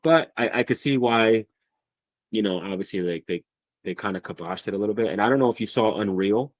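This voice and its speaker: Excitable, foul-mouthed man, low voice. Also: fairly quick, dry recording. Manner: excitable, profane, laughs often. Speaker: podcast guest. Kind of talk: casual chat.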